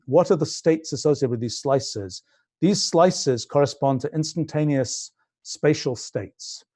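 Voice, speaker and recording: This warm, medium-pitched voice belongs to a British scientist in his sixties. On a livestream, he talks through his physics project as he thinks, often starting over and using many fillers.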